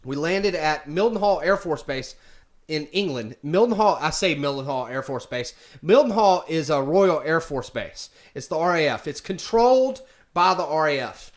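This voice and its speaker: A man's voice: on the high side, expressive, normal speed. A man casually telling a story, rambling with many fillers and restarts. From United States. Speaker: vlogger.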